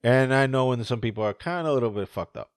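A man co-hosting a podcast in casual chat, animated and profane, laughing often. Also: medium pitch, quick pace, no echo, clean studio sound. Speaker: podcast co-host.

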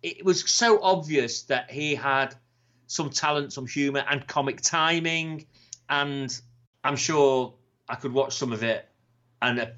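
A man co-hosting a podcast in casual, sweary, animated chat. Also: medium pitch. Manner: sweary, animated, slips into impressions. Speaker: podcast co-host. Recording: slightly dull lo-fi sound.

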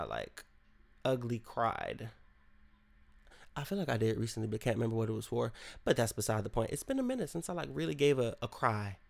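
A man's voice: mid-range voice, creaky, darkish tone. A young adult man hosting his own podcast, talking candidly and rambling with lots of restarts and fillers. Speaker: podcast host and musician. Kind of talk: casual solo podcast monologue.

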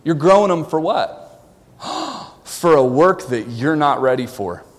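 A man from the American South with a Southern accent, preaching a sermon as pastor, swinging between loud exhortation and quiet asides. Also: fairly high pitch, expressive, slow, long reverb tail.

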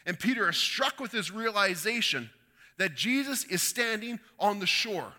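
A man's voice: high-pitched, big pitch swings, moderate pace, bright, forceful tone, long reverb tail. A man preaching a sermon, telling a story and acting out the quoted lines with rising and falling intensity. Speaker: pastor.

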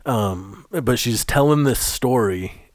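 A man's voice: medium pitch, lively intonation, slow pace, no room sound, clean studio sound. A man from the United States co-hosting a podcast in loose, profane, laughing banter. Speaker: podcast co-host. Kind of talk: casual podcast chat.

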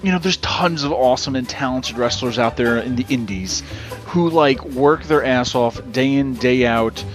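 A man's voice: medium pitch, normal speed, music in the background. A man hosting a podcast in casual chat, rambling and swearing freely. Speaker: podcast host.

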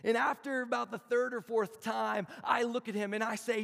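A man's voice: very high-pitched, fairly even intonation, creaky, fairly bright tone. A man in his thirties preaching a conversational, storytelling sermon to a room of students. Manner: storytelling, conversational, with slow emphatic phrases. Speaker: campus chapel speaker. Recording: long hall reverb.

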